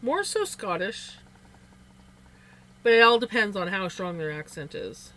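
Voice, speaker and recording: A woman's voice: medium pitch, sing-song, unhurried, sharp tone. A woman with a Canadian accent hosting a livestream, chatting casually with viewers, rambling with frequent restarts and little laughs. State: sleepy. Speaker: livestream host. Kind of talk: casual chat reading viewer comments.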